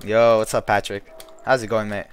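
A man live-streaming a game, chatting in a rambling, excitable way with a friend over voice chat. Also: lowish voice, soft background music. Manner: rambling and excitable, quick to shout. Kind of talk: casual gaming chat.

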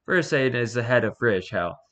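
A man voicing a brisk, apologetic office interviewer. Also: mid-range voice, expressive, a bit bright, close to an everyday voice.

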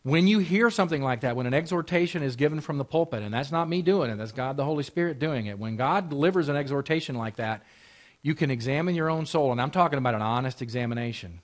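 Expressive and fast-talking, with a mid-range voice, a married adult man preaches as pastor in a Bible class. He keeps a conversational tone and relies on repetition and rhetorical questions.

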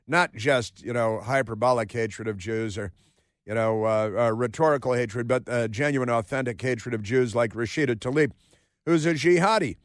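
A male radio host talks through a sarcastic, meandering monologue, his pitch sitting in an ordinary middle range. He pads his talk with "uh" and restarts. The studio recording is dry and close. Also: dry recording. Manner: sarcastic, rambling, with many filler words.

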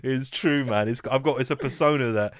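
A man's voice: medium pitch, brisk, a little hiss or hum. A man hosting a beat battle on a livestream, chatting casually, swearing freely and laughing often. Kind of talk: casual chat.

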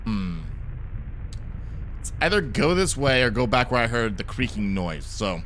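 A man's voice: medium pitch, big pitch swings, unhurried, a bit bright, a little hiss or hum. A man giving nervous, joking commentary while playing a horror game, jumpy and easily startled. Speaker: gaming streamer.

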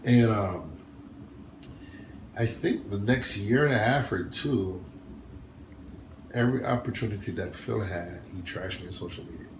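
Male interview guest: a lively storyteller who acts out the quotes, recorded in a reverberant room with light background noise. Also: unhurried, pauses often. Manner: animated, acts out quotes with big pitch jumps, laughs often. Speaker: bodybuilder guest.

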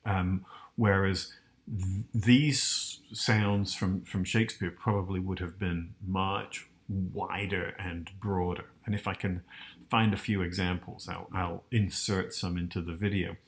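A man's voice: low-pitched, flat delivery, unhurried. A man hosting, explaining casually and hesitantly, often turning to ask the listener. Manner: hesitant, many restarts and fillers, asks the listener. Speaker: host.

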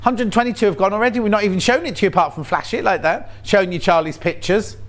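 A man's voice: high voice, fast. A man presenting on a shopping channel, chatting in a jokey, rambling way about fabrics and his cats. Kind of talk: casual chat. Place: TV studio.

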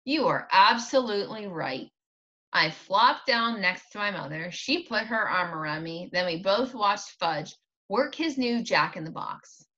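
A woman teacher reads a children's chapter book aloud, her pitch lively and expressive. The voice is bright and sharp, heard through a dull, lo-fi recording. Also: unhurried. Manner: expressive storytelling.

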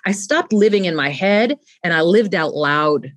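A woman in her fifties, a guest on a podcast, talking about leadership in an animated way and often restarting with repeated words. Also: on the low side, moderate pace, hardly any pauses. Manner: animated, acts out quoted voices, repeats words when starting a thought. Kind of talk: conversational interview.

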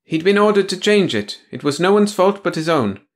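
A man voicing a prim, officious middle-aged woman bureaucrat in an audiobook reading, talking in a stiff, rule-quoting way. Her voice is pitched well above his own and is a little louder. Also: big pitch swings, a little fast.

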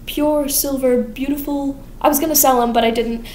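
A young woman voicing an eccentric, gossipy old woman who runs a pie shop, telling a long story in a fast run-on way. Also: high-pitched, fairly even intonation, a little mellow, echoey room, slight background noise, voice pushed up, natural voice.

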